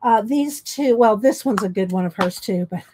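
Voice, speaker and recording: A woman's voice: mid-range voice, normal speed, background noise. A woman hosting an art channel, chatting casually and rambling as she shows her books. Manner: rambling, chatty, thinks aloud. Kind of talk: casual chat showing books.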